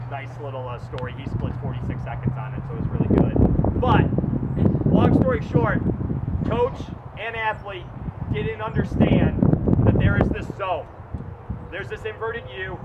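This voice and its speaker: A man, a track coach, tells a story as a lecture, talking loud and fast. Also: high voice, narrow, tinny audio, heavy background noise. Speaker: track coach giving a presentation.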